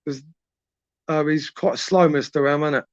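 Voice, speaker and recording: Young male streamer, crude laddish late-night banter, a bit high-pitched, dull lo-fi mic sound. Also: steady tone, moderate pace, dry recording. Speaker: livestream host reading chat. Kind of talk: late-night live chat.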